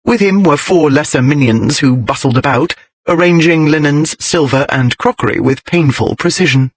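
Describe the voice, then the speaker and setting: A man narrating a historical romance audiobook in a measured, even storytelling manner. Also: fairly high pitch, dry recording.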